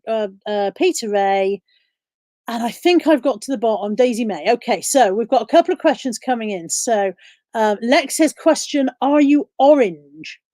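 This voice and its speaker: Woman host, fairly high voice, dry close sound, chatty, reads chat questions aloud in a casual live-stream style. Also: darkish tone, no echo. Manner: reads viewer questions aloud and answers them.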